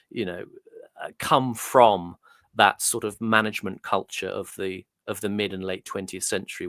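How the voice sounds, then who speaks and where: A man's voice: lowish voice, fairly bright tone, no room sound, studio quality. A man as a guest, musing at length in thoughtful, rambling commentary with hesitant restarts. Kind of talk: conversational commentary.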